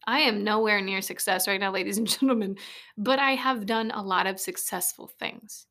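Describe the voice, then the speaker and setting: A woman's voice: medium pitch, normal speed, pushed and bright. A woman in her late twenties hosting a casual solo podcast, blunt and rambling, swearing often and laughing easily, recorded on a studio mic in a small converted shed. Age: late 20s. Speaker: podcast host. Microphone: studio microphone.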